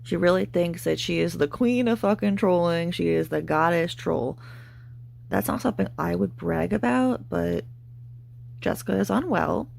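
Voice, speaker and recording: A woman's voice: fairly low pitch, normal speed, a little mellow. A woman hosting a commentary rant, mocking and profane, with a sarcastic edge. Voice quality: gravelly vocal fry. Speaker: commentary channel host.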